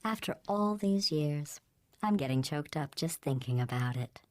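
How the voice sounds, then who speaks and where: A woman voicing a sardonic female AI test overseer in a video game, with a cold, mocking deadpan delivery. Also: sits low, a little slow, dry recording. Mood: mock sweet.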